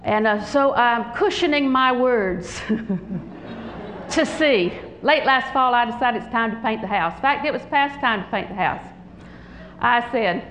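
An older woman preaching a sermon, animated and humorous, telling stories with frequent laughter. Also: on the high side, a little slow, reverberant, a faint crowd, a little hiss or hum, poor audio.

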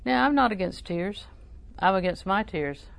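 A woman's voice: mid-range voice, lively intonation, normal speed, gravelly, no room sound. A woman preaching a sermon, telling a story and quoting scripture, asking the listeners questions as she goes.

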